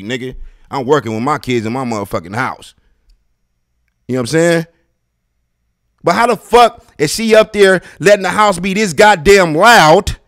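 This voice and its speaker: Man, podcast host ranting solo at home, loud and profane, dry close sound. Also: high-pitched, dry recording. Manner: loud, profane, animated ranting that swings between quiet and shouting. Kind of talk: casual monologue rant. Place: his house.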